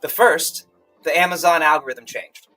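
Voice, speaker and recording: A man co-hosting a podcast, bantering loudly and teasing his co-host with bursts of mock shouting. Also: a little high, normal speed, soft background music, poor audio. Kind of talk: casual chat.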